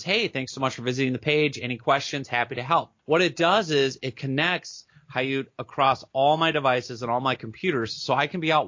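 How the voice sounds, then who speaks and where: A man being interviewed as a business coach on a podcast, talking fast and eagerly and acting out chat messages as he goes. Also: medium pitch, pushed and bright, no room sound, highs cut off. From Minneapolis area, United States.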